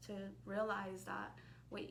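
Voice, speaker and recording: A woman's voice: mid-range voice, completely flat delivery, measured pace, vocal fry, a bit bright. A woman in her twenties, a podcast guest talking earnestly and a bit rambling, laughing often. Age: 20s. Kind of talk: casual conversation. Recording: echoey room with faint background noise.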